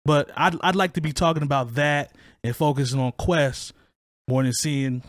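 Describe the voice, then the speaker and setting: A man's voice: on the high side, steady tone, moderate pace, no echo, clean studio sound. A man hosting a hip hop talk podcast, giving his opinions in casual chat with frequent restarts. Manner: conversational, opinionated, restarts a lot. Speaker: podcast host.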